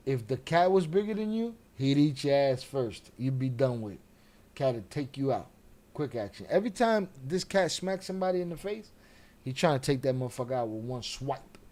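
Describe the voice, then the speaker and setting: A man's voice: medium pitch, lively intonation, moderate pace, warm tone. A man hosting a live stream, giving brash, profane, trash-talking reaction commentary.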